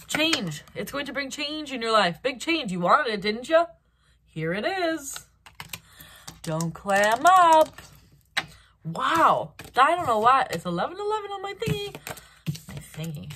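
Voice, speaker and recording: A woman giving a solo tarot card reading, talking in an animated way with restarts and acted-out reactions. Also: mid-range voice, a little hiss or hum. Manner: animated, acts out quoted reactions, hesitant restarts. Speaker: tarot reader.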